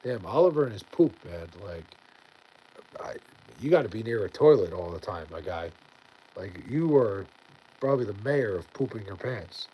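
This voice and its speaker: A man talks loosely to his viewers on a late-night stream and sounds tired as bedtime nears. His voice is husky and mellow. He rambles, restarts sentences and fills the gaps with "like". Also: on the low side, lively intonation, moderate pace, rough recording. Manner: rambling, filler-heavy, many "like"s and restarts. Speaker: livestreamer reading chat. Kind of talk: casual late-night livestream chat.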